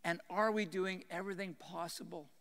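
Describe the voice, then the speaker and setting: A man's voice: high voice, fairly even intonation, moderate pace, gravelly. Earnest man speaking in a reverberant hall. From Canada. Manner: earnest, storytelling, drops to a hushed tone for losses. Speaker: retired general giving a conference talk. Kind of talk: speech to a conference audience. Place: conference hall. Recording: hall reverb from a conference room.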